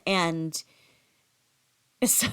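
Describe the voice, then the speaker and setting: Middle-aged woman, lowish voice, rambling casual storyteller with lots of fillers. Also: very slow, fairly bright tone, clear, resonant tone. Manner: chatty, rambling, with many fillers and restarts; acts out quoted voices in a higher pitch.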